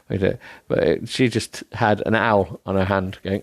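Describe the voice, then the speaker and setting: A man's voice: lowish voice, fairly even intonation, normal speed, no room sound. A man hosting a solo podcast, rambling in a self-deprecating way with many ums and restarts, sounding tired. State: tired, yawning. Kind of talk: rambling casual monologue.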